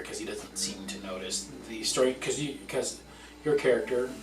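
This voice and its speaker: A man's voice: mid-range voice, normal speed. A man narrating a tabletop game as game master in a casual, descriptive way. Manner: casual, descriptive, laughs easily. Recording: roomy, far-off mic with music behind.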